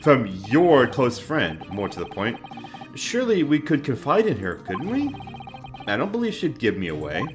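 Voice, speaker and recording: A man's voice: mid-range voice, wildly swooping pitch, normal speed. A man voicing a nervous young man who stammers when accused, over game music. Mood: worried. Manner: flustered, stammering.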